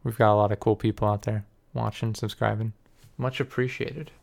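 A man's voice: lowish voice, little pitch movement, brisk, vocal fry. A young man co-hosting a podcast, telling rambling, profane, self-deprecating stories in casual chat. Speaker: podcast co-host and video editor.

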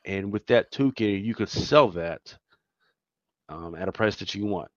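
Guy from philly chatting on a podcast, lowish voice, dry dull sound, keeps saying man and right. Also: unhurried, no room sound. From Philadelphia. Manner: loose, emphatic, peppered with "man" and "right?". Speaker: podcast co-host. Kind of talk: casual chat.

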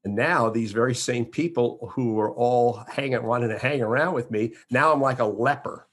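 A man in his sixties from Florida, an entertainer telling stories as an interview guest, animated, with frequent restarts. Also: mid-range voice, normal speed, husky. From Florida, USA. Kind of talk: interview conversation.

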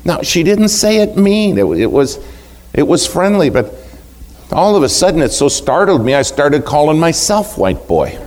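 A man preaching a sermon, telling a story in an animated, conversational way with emphasis. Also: a little high, moderate pace, a little hiss or hum.

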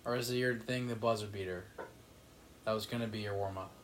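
Jokey animated young man. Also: on the low side, fairly quick, slight background noise. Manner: animated, jokey, self-deprecating. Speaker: podcast co-host. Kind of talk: casual sports podcast banter.

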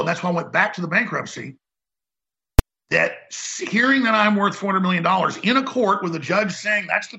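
Male talk radio host, gravelly and forceful, rambling heated monologue on dull lo-fi audio. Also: high voice.

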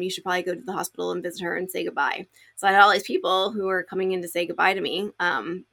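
A woman's voice: mid-range voice, gravelly, sharp tone. A young adult woman telling her story as an interview guest, chatty, with many restarts and fillers. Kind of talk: conversational storytelling.

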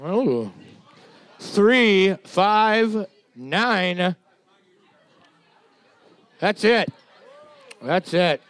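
A man's voice: high voice, expressive, very slow, long pauses, fairly bright tone, clear, resonant tone, no room sound, some chatter behind. A man co-hosting a trivia night, reading out team numbers and trading offhand quips. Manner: quips with dry, offhand humor. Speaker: trivia co-host and scorekeeper. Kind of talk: casual banter and reading out scores.

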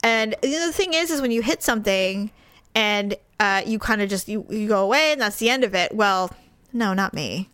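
Woman in her forties, casual storyteller, smooth clear tone, dry close sound, dramatic retelling. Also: medium pitch, normal speed, no echo. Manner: animated, dramatic retelling with quoted dialogue.

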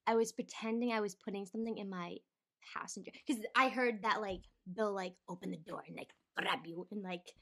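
A young woman in casual chat, animated and laughing between lines. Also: mid-range voice, brisk, vocal fry.

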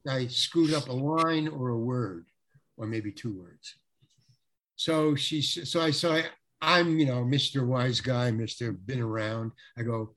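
A man, an actor, telling an animated anecdote in an interview, repeating words and acting out the people he quotes. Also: medium pitch, unhurried.

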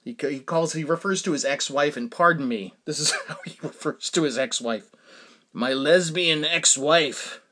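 A man's voice: a little high, a little fast, hardly any pauses, slightly rough. A man in his forties hosting his own podcast, telling rambling stories in a casual monologue with lots of fillers and laughs. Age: 40s. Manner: rambling, animated storytelling with frequent fillers and laughs. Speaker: podcast host.

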